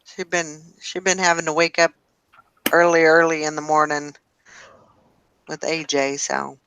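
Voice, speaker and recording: A woman's voice: sits low, little pitch movement, measured pace, a bit bright, clean tone, no echo. A woman hosting a casual morning chat show, talking in a rambling, self-deprecating way. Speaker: host.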